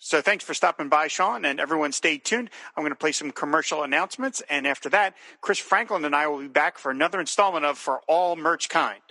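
Upbeat guy hosting a podcast, really bright tone, bit of hall echo. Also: a little high, a little fast, hardly any pauses. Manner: upbeat, chatty, with frequent fillers. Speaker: podcast host. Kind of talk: casual chat.

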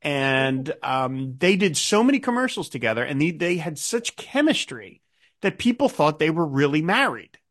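A middle-aged man co-hosting a podcast, chatting about a TV show in an animated way, full of asides. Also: fairly high pitch, normal speed. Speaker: podcast co-host. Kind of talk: casual chat about a TV show.

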